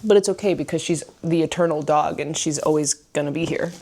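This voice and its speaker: A woman's voice: low voice, brisk, mellow, a little hiss or hum. Bubbly young woman vlogging at home. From United States. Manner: bubbly, gushing, laughs often. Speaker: book vlogger. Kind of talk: casual vlog chat. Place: at home indoors.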